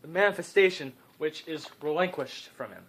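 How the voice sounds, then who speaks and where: A man's voice: on the high side, lively intonation, moderate pace, fairly bright tone, breathy edge. A young man improvising a comedic story, rambling and cutting in with joking asides.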